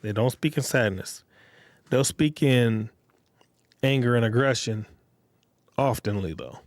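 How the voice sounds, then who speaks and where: A man's voice: mid-range voice, measured pace, dry recording, clean studio sound. A man hosting his own podcast, talking bluntly and repetitively to his listeners in street slang. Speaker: podcast host. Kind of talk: casual monologue podcast.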